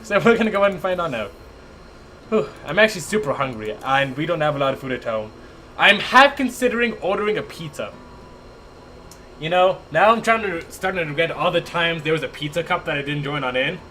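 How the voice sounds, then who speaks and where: Young male caster, bright and punchy, excitable, laughs often, home setup with faint hiss. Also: fairly high pitch, brisk. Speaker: esports caster. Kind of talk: live game commentary with chat banter. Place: home attic.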